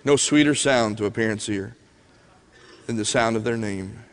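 A man's voice: fairly low pitch, moderate pace. A man preaching a sermon, telling stories in an earnest way. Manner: earnest, storytelling, soft pleading prayer passages. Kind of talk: sermon with storytelling. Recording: long hall reverb.

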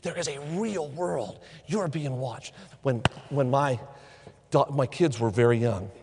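A man's voice: mid-range voice, unhurried, noisy background. A middle-aged man preaching a sermon in a church, telling stories and repeating phrases for emphasis. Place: church sanctuary. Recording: long hall reverb.

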